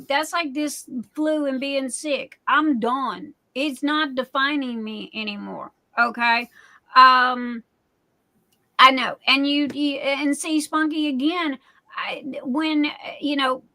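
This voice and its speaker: Woman in her forties, livestream host; bright, rather high voice, emphatic chatty delivery. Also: poor audio. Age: 40s. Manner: emphatic, repeats herself, keeps asking "okay?". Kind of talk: casual live chat.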